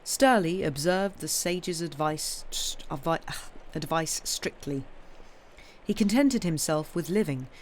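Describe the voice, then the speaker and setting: A woman reading a novel aloud on a livestream in a steady, measured storytelling way. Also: low-pitched, a little hiss or hum. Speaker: reader.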